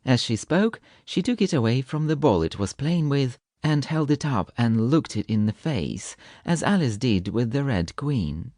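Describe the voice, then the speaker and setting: A male audiobook narrator reading storybook tales with a very lively, animated pitch and a gently playful manner. His mid-range voice sits close and dry, with no room sound. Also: normal speed, few pauses, dry recording.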